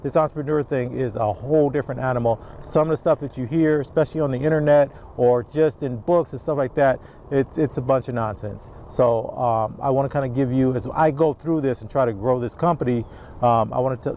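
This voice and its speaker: A man's voice: on the high side, darkish tone, slight background noise. A middle-aged man hosting a casual vlog, talking to camera outdoors in a rambling way with lots of restarts. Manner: rambling, restarts, acts out quotes. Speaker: channel host, youth sports business owner.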